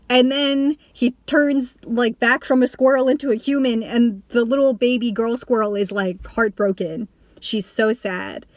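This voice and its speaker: Talking straight to the camera, this young woman has a slightly high voice with no room sound at all. Her casual vlog rambles, full of "like," false starts and curse words, and she's lively, breaking into fits of laughter at times.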